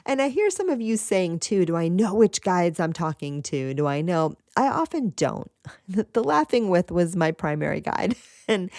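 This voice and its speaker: Low-voiced chatty woman podcaster. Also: dry recording, studio quality. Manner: chatty, laughs often, lively asides. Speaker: podcast host. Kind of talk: casual spiritual podcast monologue.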